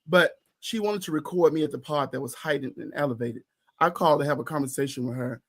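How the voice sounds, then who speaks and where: A man's voice: fairly high pitch, fast talker. A man co-hosting a podcast in casual chat, ranting heatedly and profanely with emphatic repetition. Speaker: podcast co-host.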